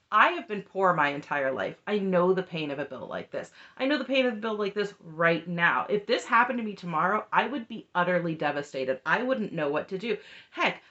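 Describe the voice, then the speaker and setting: A woman's voice: medium pitch, fairly bright tone, highs cut off. A woman casually recapping a reality show, chatty and opinionated, often tossing in "just saying.". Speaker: recap vlogger.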